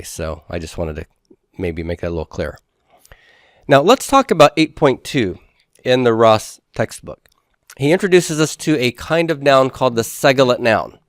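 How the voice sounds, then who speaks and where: A man's voice: medium pitch, dry recording, clean studio sound. A man teaching a Hebrew grammar class, explaining step by step and putting questions to the class before answering them himself. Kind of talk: classroom lecture.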